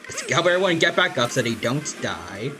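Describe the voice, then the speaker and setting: A man's medium-pitched voice swings widely in pitch at a normal speed as he streams a turn-based game. Over the game's music, he offers casual commentary, talking himself through every move with plenty of fillers and restarts.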